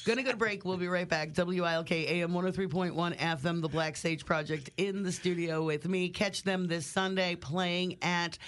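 A man hosts a local radio show, a little high in pitch for a man. He chats loosely with studio guests and laughs at his own jokes. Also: steady tone, moderate pace, hardly any pauses, fairly bright tone, smooth. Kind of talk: casual radio interview. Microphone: studio microphone.

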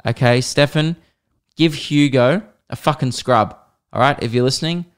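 A young man rants through a comic podcast monologue, crude and sarcastic, swearing freely. His voice is smooth and clear, sitting at an ordinary middle pitch for a man. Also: moderate pace. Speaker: podcast host. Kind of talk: comedic solo podcast monologue.

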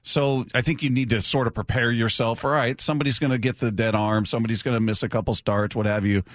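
A man hosting a sports talk show, laying out his views in a measured way with frequent restarts. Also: medium pitch, steady tone, dry recording. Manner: measured, analytical, restarts sentences. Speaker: sports radio host.

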